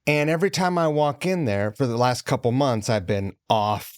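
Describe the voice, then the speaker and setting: A man's voice: medium pitch, moderate pace, clean tone, no room sound, studio quality. A man hosting a podcast, chatting casually and swearing freely with a guest. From Seattle. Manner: laid-back, profane, chatty. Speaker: podcast host. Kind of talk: casual chat.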